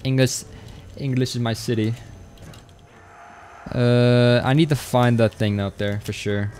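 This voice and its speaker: A man's voice: mid-range voice, steady tone, measured pace, a little mellow, a little hiss or hum. A young man live-streaming a game, chatting casually and reading out viewer messages as he plays. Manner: casual, rambling, reads chat aloud. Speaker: gaming streamer. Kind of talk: live stream chat while gaming.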